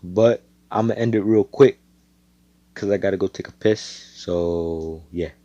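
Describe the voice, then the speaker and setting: Young man, low voice, rambling profane storytelling, jokey asides, dry close mic. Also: a little slow, warm tone, no echo, muffled recording. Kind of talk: casual improvised fan-fiction storytelling.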